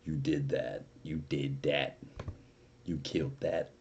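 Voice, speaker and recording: Man putting on a mock-stern father, low and dark, quietly scolding. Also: level tone, a little slow, dull audio. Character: stern disappointed father scolding a mail carrier.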